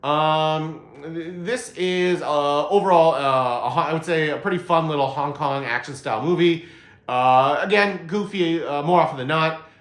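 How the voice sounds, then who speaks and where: Male vlog host, casual unscripted review, fillers and restarts, slightly high voice, roomy sound. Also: normal speed, a bit bright. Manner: meandering, many "uh" fillers and restarts. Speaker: movie reviewer, channel host. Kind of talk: casual spoken movie review. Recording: roomy echo.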